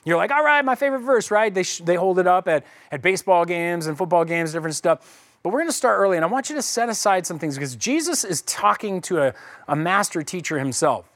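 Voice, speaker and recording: A man's voice: high voice, expressive, fast talker, fairly bright tone. A man preaching a conversational sermon as pastor, casually acting out the voices of people in the story.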